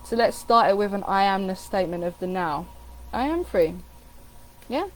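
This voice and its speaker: A woman giving a casual coaching talk on affirmations, animated, repeating phrases with different inflection. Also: medium pitch, brisk, slight background noise, low-quality recording. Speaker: spiritual coach.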